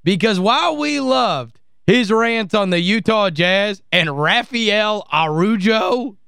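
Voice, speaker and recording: Gleeful high-voiced sports radio host. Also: male voice, expressive, takes it slowly, creaky, fairly bright tone, clear, resonant tone, no room sound, clean studio sound. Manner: gleeful, mocking, laughs often. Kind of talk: casual sports radio talk.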